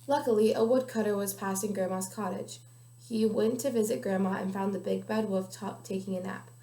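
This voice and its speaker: A young woman, a guest reader, reads a children's picture book aloud with care, making small slips now and then. Her mid-range voice is warm and steady, a little fast, and the room sounds echoey.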